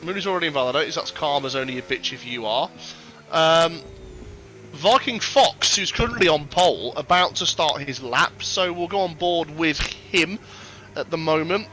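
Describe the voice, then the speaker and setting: A man calls a sim racing session in casual livestream style, his voice a touch high for a man. He swears and banters freely and reads out viewer messages. Loud music runs under his voice. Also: moderate pace. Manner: sweary, banter-filled, reads chat aloud. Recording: music playing loud behind.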